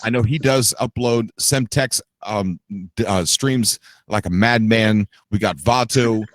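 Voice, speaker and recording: A man's voice: lowish voice, measured pace, dry recording. A man hosting a game stream in casual chat, joking and laughing often with his co-hosts. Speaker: streamer host.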